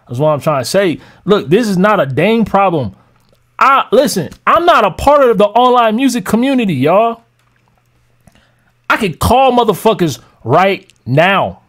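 A man's voice: high-pitched, expressive, a little slow, fairly bright tone. A man ranting on a live stream to his chat as a music producer, heated, mocking and profane.

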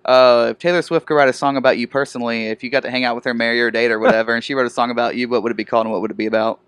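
A male interviewer speaks quickly in a mid-range voice and keeps the questions light and upbeat. The sound is close and dry. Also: medium pitch, fairly even intonation, fairly bright tone, clear, resonant tone, no echo.

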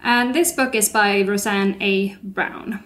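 A woman co-hosting a relaxed book podcast, talking in a chatty, easygoing way. She laughs easily and drops quick asides as she discusses what she read. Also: medium pitch. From lived in England for some years, learned English there. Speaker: podcast co-host. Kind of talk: casual book chat.

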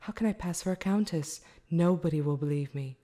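Brief: woman reading as a scared young peasant girl, whispered role-play, low and warm, shaky. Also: fairly quick, close to an everyday voice. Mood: earnest. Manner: soft-spoken, trembling. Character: frightened sixteen-year-old peasant girl.

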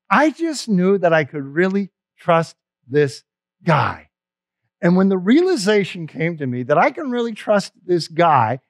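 High-voiced man preaching, dry close sound. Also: dry recording. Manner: conversational storytelling, emphatic, frequent restarts. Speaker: pastor. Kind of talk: Easter sermon.

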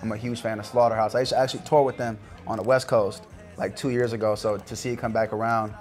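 A man's voice: lowish voice, little pitch movement, quick pace, darkish tone, soft background music. A man in his twenties, a rapper guest talking casually in an interview, laid-back and swearing freely. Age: 20s.

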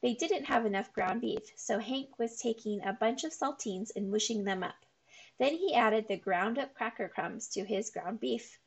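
A woman reading a children's chapter book aloud in a steady storytelling manner. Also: a little high, moderate pace, gravelly, breathy edge.

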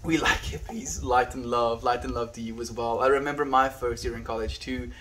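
A man from South Africa with an Afrikaans first language livestreams outdoors on a windy day, easily reading out chat messages and calling everyone his friend. His voice is medium-pitched, fairly even in intonation, a bit bright and a little fast. There's a little hiss or hum.

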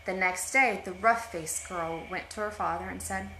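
A woman reading a picture book aloud to children at home, expressive and pausing for asides about the pictures. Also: mid-range voice, noisy background. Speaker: storytime reader. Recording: roomy home echo.

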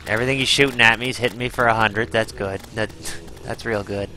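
A man's voice: on the low side, steady tone, fast, sharp tone, a little hiss or hum, rough recording. A man giving live gameplay commentary, exclaiming, groaning and swearing as he fights a boss. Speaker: gaming channel host.

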